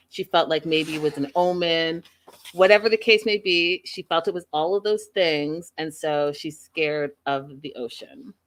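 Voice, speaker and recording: A woman hosting a casual recap of a reality show, chatting in an animated, gossipy storytelling way. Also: sits low. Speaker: show host.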